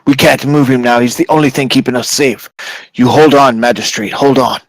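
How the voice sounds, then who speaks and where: A man's voice: mid-range voice, fairly even intonation, brisk, dry recording, natural voice. A man voicing a stern male guard captain, clipped and commanding. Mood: firm.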